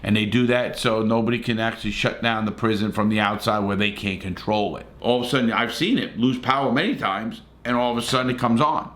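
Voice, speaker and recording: A man's voice: lowish voice, a little fast, few pauses, a bit bright. Blunt, profane New man. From New York City. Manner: blunt, profane, rambling with restarts. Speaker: host, former prisoner. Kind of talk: casual storytelling.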